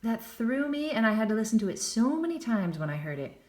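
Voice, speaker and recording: This piano teacher's high-leaning, slightly dark voice swings widely in pitch and moves a bit quickly. She scats phrases, counts the beats aloud and pokes fun at herself during a casual jazz lesson. Piano sounds sit beneath her in an echoey room.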